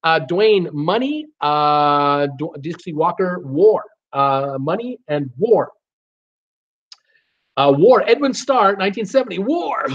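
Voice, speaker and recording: Halting trivia host on a lo-fi stream. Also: male voice, a little high, animated. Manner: halting, many fillers, half-sings song titles. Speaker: live trivia show host. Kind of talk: live-stream trivia, reading viewer guesses. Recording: dull lo-fi stream audio.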